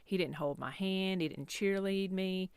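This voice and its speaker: A woman's voice: mid-range voice, unhurried, clear, resonant tone, no room sound, studio quality. A woman in her fifties telling a personal story as a podcast host, candid and self-deprecating, rambling with restarts. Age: 50s.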